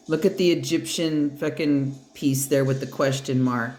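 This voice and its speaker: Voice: medium pitch, steady tone, normal speed, hardly any pauses, a little mellow, soft background music. A tarot card reader giving a pick-a-pile reading. The reader talks bluntly and emphatically, swears freely and speaks straight to the listener with encouragement. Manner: encouraging, addresses the listener directly. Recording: roomy echo.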